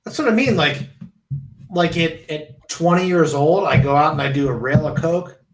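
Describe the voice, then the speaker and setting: A man's voice: a little high, moderate pace, music in the background. A young man chatting casually as a podcast guest, rambling and laid-back, with some swearing. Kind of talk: casual chat, storytelling. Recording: roomy, from a distance.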